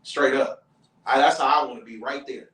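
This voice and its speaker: A man who is a comedian hosting a casual podcast, telling stories in a lively way and acting out other people's voices, with plenty of profanity. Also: medium pitch, normal speed. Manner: animated storyteller who acts out quoted voices, profane. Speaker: comedian and show host. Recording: roomy, distant mic.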